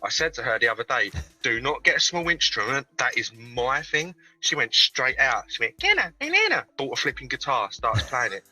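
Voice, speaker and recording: A man calling into a live show over a video call, chatting in a deadpan, sweary, self-mocking way. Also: medium pitch, moderate pace, hardly any pauses, soft background music, rough recording. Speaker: caller. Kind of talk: casual call-in chat.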